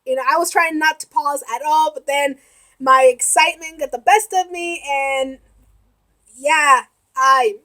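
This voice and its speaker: A young woman hosting a reaction video, gushing and emotional, often shouting and giggling as she comments. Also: high-pitched, a little slow.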